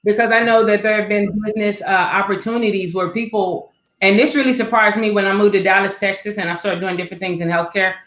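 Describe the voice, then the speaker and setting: A woman's voice: medium pitch, echoey room, slight background noise, low-quality recording. A woman hosting a casual panel discussion, telling stories and acting out the voices she quotes. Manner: storytelling that acts out quoted voices. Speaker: panel host.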